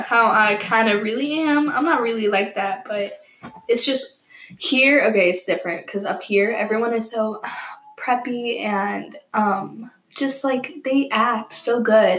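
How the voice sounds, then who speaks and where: Young woman hosting a casual podcast, mid-pitched, tells rambling stories and cusses freely, recorded in a roomy space. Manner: rambling, animated, swears freely. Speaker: podcast host. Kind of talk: casual storytelling.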